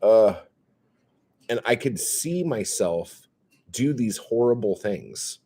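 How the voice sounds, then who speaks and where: Deep-voiced man telling profane stories. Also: lively intonation, takes it slowly, husky. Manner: profane, self-mocking, swings between loud outbursts and mumbles. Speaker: comedian hosting a live stream. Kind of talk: casual profane storytelling.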